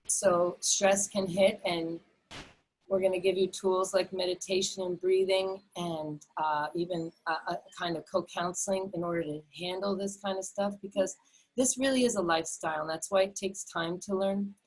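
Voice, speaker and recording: A middle-aged woman with a low, husky voice gives an enthusiastic health lesson over a video call. She talks earnestly and repeats herself, stumbling through fillers and restarts as she goes. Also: steady tone, moderate pace, a little mellow, poor audio. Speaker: health educator. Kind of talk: enthusiastic webinar talk.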